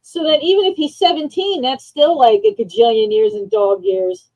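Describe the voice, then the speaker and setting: A woman's voice: sits high, very animated, moderate pace, vocal fry, a little mellow, no room sound, poor audio. A woman chatting casually in a playful, doting way. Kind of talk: casual chat.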